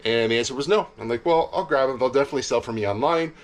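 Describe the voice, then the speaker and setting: Out in his chilly backyard shed with a heater running, a relaxed Canadian guy vlogs about resale stuff, racing along at medium pitch. He's rambly and easygoing, with lots of ums and other fillers.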